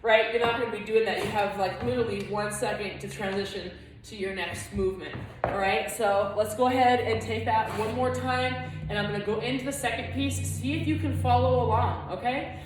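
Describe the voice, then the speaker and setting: A woman's voice: fairly high pitch, steady tone, a little fast, very echoey, distant mic, music in the background, poor audio. A woman teaching a flamenco dance class, explaining steps and chanting the rhythms and counts aloud.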